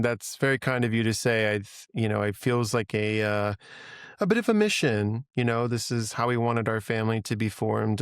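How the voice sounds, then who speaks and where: Casting: middle-aged man, smooth clear voice, dry close sound, earnest and chatty guest. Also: fairly low pitch, dry recording. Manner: earnest, chatty, laughs easily. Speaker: podcast guest. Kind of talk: casual interview conversation.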